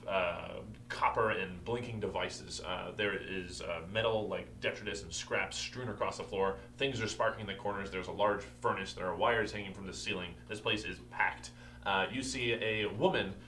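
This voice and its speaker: A man narrating a tabletop game as game master, describing scenes in a halting way with frequent fillers. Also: on the low side, sharp tone, roomy sound, a little hiss or hum. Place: room at a gaming table.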